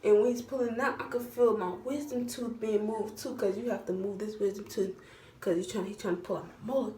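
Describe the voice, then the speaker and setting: A young woman vlogger telling a casual storytime in an animated, dramatic way, full of slang. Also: mid-range voice, fairly quick. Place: at home, doing her hair while talking. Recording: roomy echo from a distance, faint background hum.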